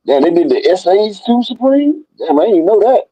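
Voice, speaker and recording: A man hosting a casual boxing talk stream, profane and excitable as he rattles off dream fights. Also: high voice, normal speed, husky, dull audio. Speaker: boxing talk show host. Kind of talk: casual live stream banter.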